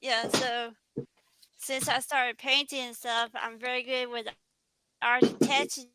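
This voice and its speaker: A woman's voice: a little high, little pitch movement, a little slow, background noise. A woman chatting as a guest on a video call, giggly and stumbling over some words. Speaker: guest painter. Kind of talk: casual chat.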